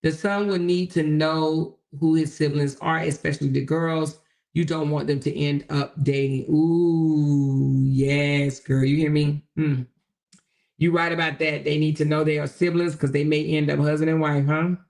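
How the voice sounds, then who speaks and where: A woman's voice: deep voice, steady tone, moderate pace, darkish tone. A woman hosting a livestream, talking bluntly and casually to her viewers and reading their comments aloud. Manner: chatty, addresses viewers directly, reads comments aloud; blunt and colloquial. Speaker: livestream host.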